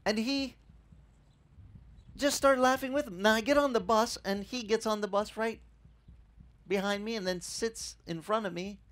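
Animated male pastor, slightly high voice. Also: normal speed, pauses often. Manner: animated storytelling that acts out dialogue. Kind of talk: sermon.

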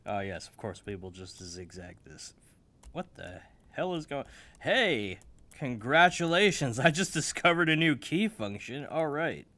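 A young man making a beat in his office, joking at himself, loud one moment and mumbling the next, still waking up. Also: medium pitch, sing-song, measured pace, no echo. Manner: joking, self-mocking, swings between loud and mumbled. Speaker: music producer. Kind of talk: casual talk while making a beat. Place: home office.

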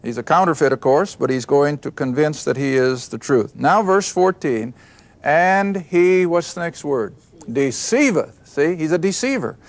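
A man's voice: a little high, no echo. A man teaching a Bible study, reading verses aloud and explaining them, often asking questions and answering them himself. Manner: reads scripture aloud then explains.

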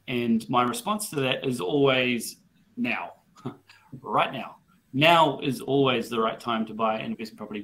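A man's voice: mid-range voice, fairly bright tone. A man, giving property investment advice on a webinar video call, chatty with many repeated words and ums. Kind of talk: webinar panel talk.

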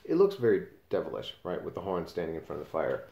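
A man's voice: sits low, very animated, fast, gravelly, mellow, muffled recording. A man teaching a class, explaining a novel in a casual way and reading passages aloud with page numbers. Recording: roomy echo.

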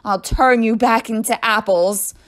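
A woman reading aloud, voicing a mean, magic-wielding female teacher who shrieks and shouts. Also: a little slow, close to an everyday voice. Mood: furious. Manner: shrill, shouting.

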